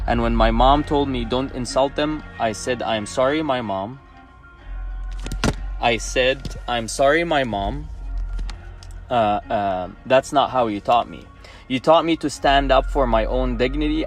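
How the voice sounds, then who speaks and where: A man's voice: mid-range voice, measured pace, soft background music. Emotional Egyptian-accented man, pleading and defiant. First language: Arabic. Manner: emotional, pleading and defiant, repeats phrases for emphasis. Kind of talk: emotional personal monologue.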